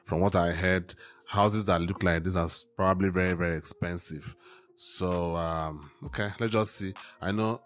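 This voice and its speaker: A man from Africa hosting a casual reaction video, musing and thinking aloud with pauses. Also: low voice, fairly even intonation, a bit bright.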